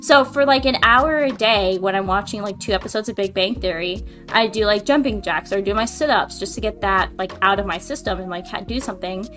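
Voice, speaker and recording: A woman's voice: medium pitch, fairly quick, few pauses, bright, forceful tone, faint music behind. A woman co-hosting a podcast, chatting casually and filling her talk with "like," heard over a remote call. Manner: chatty, lots of "like" fillers. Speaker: podcast co-host. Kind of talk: casual chat.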